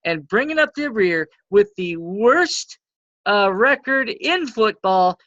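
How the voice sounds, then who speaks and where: Lively woman going over standings. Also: mid-range voice, slow, no echo. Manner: rundown of standings with lively ups and downs. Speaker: co-host. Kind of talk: casual podcast chat. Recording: dry, dull lo-fi audio.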